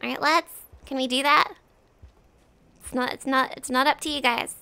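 Woman game streamer, high gravelly voice, chatty and foul-mouthed with chat. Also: steady tone, moderate pace, sharp tone. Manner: chatty, swears casually, talks to chat. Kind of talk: live gameplay commentary.

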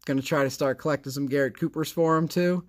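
A man's voice: fairly high pitch, fairly even intonation, quick pace. Sarcastic rambling man opening cards. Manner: rambling, chatty. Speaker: card collecting channel host. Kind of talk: casual card-opening vlog.

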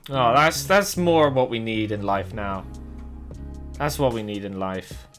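A young man, giving jokey, excitable commentary while reacting to funny animal videos for his channel. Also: fairly low pitch, measured pace, faint music behind. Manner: excitable, jokey, talks to the viewer. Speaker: YouTuber reacting to animal clips.

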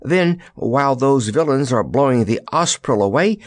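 A man's voice: medium pitch, expressive, normal speed, no room sound, clean studio sound, voice pushed up, close to an everyday voice. A man voicing a spirited, teasing young queen in a storybook reading. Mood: lively teasing.

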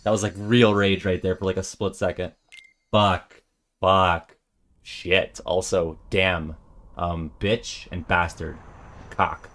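A young man streaming a video game, joking and swearing, swinging from mumbles to yells, with faint music behind him. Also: sits low, little pitch movement, slow pace. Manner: swears a lot, jokey, swings from mumbling to yelling. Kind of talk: casual game-stream commentary.

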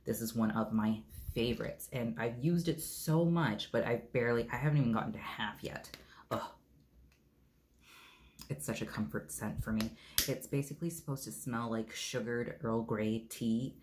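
A man's voice: medium pitch, normal speed. A man casually reviewing his favorite bath products, rambling with many ums and uhs and tossing in joking asides. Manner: laid-back, joking asides.

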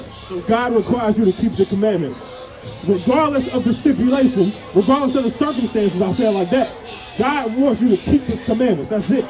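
A man with a very high voice preaches on a crowded parade route, firing question after question at passers-by. Loud music and a chattering crowd fill the background of this outdoor recording. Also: lively intonation, a little fast. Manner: pressing, repeatedly asks questions, sometimes shouts. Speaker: street preacher. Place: outdoors at a busy street parade.

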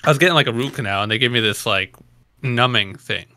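A man's voice: medium pitch, quick pace, bright, forceful tone. A young man hosting a podcast, telling rambling stories in casual chat and laughing often. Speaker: podcast host.

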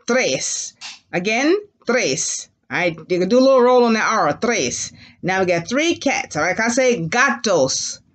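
Woman, young-class teacher, call-and-repeat drills, animal noises, swooping pitch, slow delivery. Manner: sing-song, leads call-and-repeat drills with animal sounds. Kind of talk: children's language lesson.

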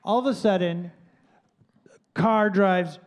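A man on a comedy podcast telling an animated anecdote, acting out voices and sound effects as he goes. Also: high-pitched, takes it slowly. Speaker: podcast panelist. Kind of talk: comic anecdote.

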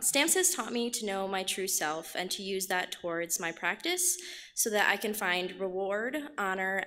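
A woman's voice: medium pitch, sharp tone, slight background noise. A graduating student, a woman, reads a short, earnest speech in formal wording. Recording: reverberant hall.

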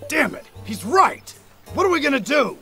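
An actor playing a blunt, gruff city engineer in a video game, with a gravelly voice and exclamatory delivery. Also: male voice, very high-pitched, big pitch swings, moderate pace, bright, forceful tone, faint music behind, exaggerated voice. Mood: alarmed.

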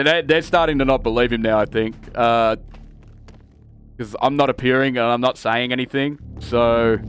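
A man streamer giving casual commentary on his role-play game, with relaxed, mumbly asides. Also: mid-range voice, a little hiss or hum.

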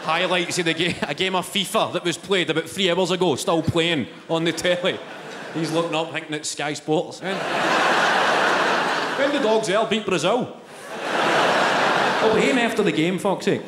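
A young Scottish man with a Glaswegian accent doing live stand-up, chatting fast with the crowd and breaking into shouts. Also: a little high, very noisy. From Scotland. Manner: quick, chatty crowd work with bursts of shouting. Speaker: stand-up comedian. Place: large theatre stage. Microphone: stage microphone. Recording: roomy theatre reverb, loud crowd. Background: laughing audience.

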